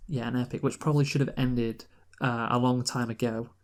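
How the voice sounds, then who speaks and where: A man's voice: medium pitch, fairly even intonation, a little fast. A man co-hosting a podcast in casual, rambling chat, often laughing. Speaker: podcast co-host.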